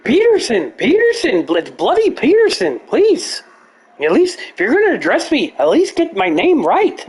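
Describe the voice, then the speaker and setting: A fussy, pompous professor, as a man puts him on, speaking in a strained, high voice. He sounds prissy and self-important, and his words are clipped and fussy. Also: wildly swooping pitch, moderate pace, breathy edge, exaggerated voice. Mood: indignant.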